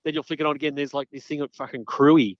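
A man's voice: a little high, fairly even intonation, fast talker, no echo, highs cut off. A man, a podcast guest telling laid-back stories and swearing freely. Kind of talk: casual anecdote telling.

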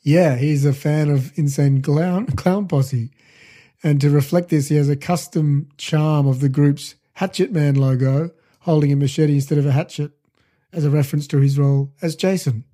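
A man's voice: on the high side, fairly even intonation, moderate pace, mellow. A man co-hosting a casual podcast chat, reading out trivia with hesitant ums and restarts. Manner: reads trivia aloud with hesitant fillers. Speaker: podcast co-host.

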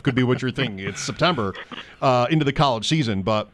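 A man's voice: mid-range voice, lively intonation, fast. Chatty sports radio host, a man.

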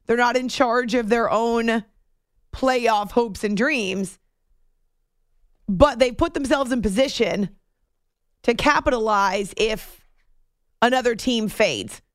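A woman with a somewhat high voice hosts a sports talk show, chatty and playful with joking asides. She speaks slowly with long pauses, and the sound is dry and close with no room sound.

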